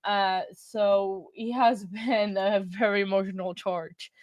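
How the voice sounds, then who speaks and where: A woman's voice: medium pitch, fairly even intonation, slow, a little mellow, dry recording, highs cut off. A woman hosting a casual livestream from home, chatting loosely with viewers and laughing often between rambling sentences. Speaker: livestream host.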